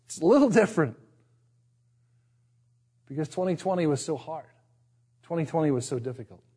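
Middle-aged Northern Irish pastor, conversational. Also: male voice, a little high, animated, normal speed, dark tone, breathy edge. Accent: Northern Irish, partly Americanized. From Northern Ireland. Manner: conversational, self-deprecating, with frequent restarts. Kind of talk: sermon.

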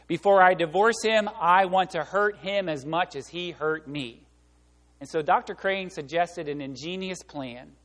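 A male pastor delivering a sermon, animated and conversational, acting out quotes and voices as he goes. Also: high-pitched. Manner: animated, acts out voices and quotes, laughs along. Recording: long reverb of a large hall.

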